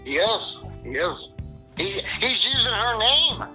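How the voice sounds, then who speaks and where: A man's voice: sits high, big pitch swings, slow pace, bright, forceful tone, faint music behind, low-quality recording. A middle-aged man being interviewed, talking in a rambling, profane, frustrated way. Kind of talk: casual interview.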